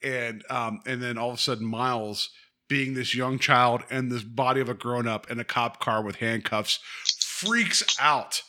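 A man in casual conversation about a TV episode, animated and quick to laugh. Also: mid-range voice. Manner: animated, laughs often, acts out quoted lines.

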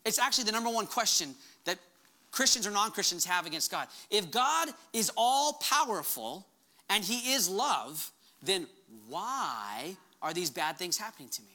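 A man's voice: high voice, very animated, normal speed, bright, forceful tone. A pastor preaching a sermon to his congregation, impassioned, raising his voice when he quotes commands. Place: church hall before a congregation.

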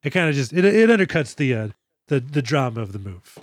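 A man's voice: mid-range voice, very animated, a little fast, no room sound, studio quality. A man co-hosting a movie podcast, recapping scenes with sarcastic, profane jokes in a casual chat. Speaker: podcast co-host.

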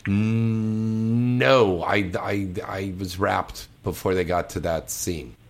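A man's voice: fairly low pitch, steady tone, takes it slowly, creaky. A man hosting a loose, joking talk show chat and teasing his guest. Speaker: host.

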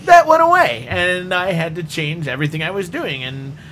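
A man's voice: high voice, big pitch swings, moderate pace, fairly bright tone, a little hiss or hum. A man hosting a podcast, telling its history in a rambling, self-deprecating way with frequent restarts. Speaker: podcast host. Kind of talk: casual podcast chat.

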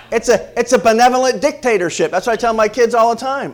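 A middle-aged male pastor preaching a sermon in an animated way, often repeating words and asking the congregation questions. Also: sits high, brisk.

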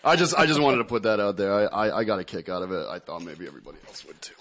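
A man hosting a podcast in casual chat, joking and excitable, laughing often. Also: lowish voice, racing. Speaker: podcast host.

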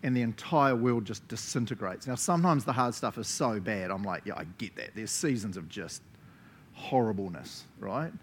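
A man with a New Zealand accent preaching a sermon as pastor, animated, laughing often and checking in with listeners with frequent "right?". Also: lowish voice, moderate pace, slight background noise.

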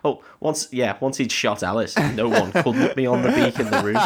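A man's voice: medium pitch, lively intonation, moderate pace, husky. A young man co-hosting a podcast, animatedly retelling a film and acting out its lines. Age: young adult. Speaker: podcast co-host. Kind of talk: casual film-recap chat.

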